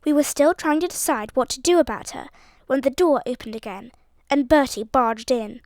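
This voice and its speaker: A woman with a fairly high voice reads a story aloud with expressive, lively delivery. The sound is close and dry, with no room around it. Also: normal speed, no room sound. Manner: expressive, voices each character. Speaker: audiobook narrator. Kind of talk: storytelling narration.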